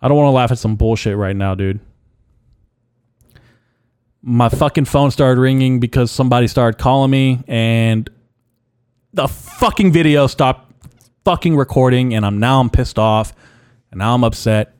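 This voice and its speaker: A man's voice: mid-range voice, steady tone, normal speed, darkish tone, smooth, dry recording, studio quality. A young man hosting a solo podcast, ranting bluntly with heavy swearing and frequent repeats. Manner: blunt, profane, repeats himself. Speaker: podcast host. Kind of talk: casual solo podcast rant.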